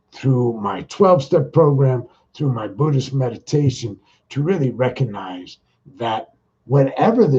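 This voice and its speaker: A man's voice: medium pitch, a little mellow, breathy edge. A man talking in a casual, rambling monologue, folksy and slangy, speaking straight to his listeners. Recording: muffled lo-fi recording.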